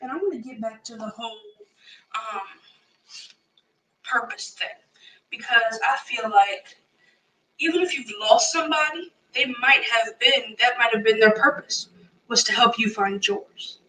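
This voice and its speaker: A woman guest on a talk show, her voice a little on the high side. She talks in an earnest, reflective way in casual conversation. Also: unhurried, pauses often, bright, forceful tone, rough recording. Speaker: guest, host's daughter. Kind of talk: casual chat.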